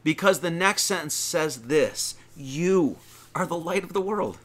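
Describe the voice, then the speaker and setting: A man leads a loose, chatty sermon, reading scripture and then riffing on it. His voice sits a little higher than most men's. He drags out key words for emphasis. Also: expressive, fairly bright tone. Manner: conversational, rambling, emphatic with drawn-out phrases. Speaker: preacher.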